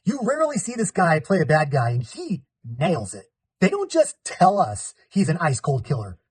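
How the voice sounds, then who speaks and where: A man's voice: on the high side, huge pitch swings, normal speed, a little mellow, husky, dry recording. A man in his forties from California hosting an upbeat movie review vlog with jokey asides.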